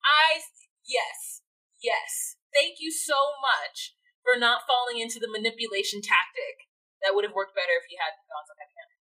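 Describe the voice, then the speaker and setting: A woman co-hosting a casual podcast, recapping a reality show in lively chat and acting out what people said. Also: mid-range voice, brisk. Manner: animated, acts out quotes, laughs often. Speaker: podcast co-host.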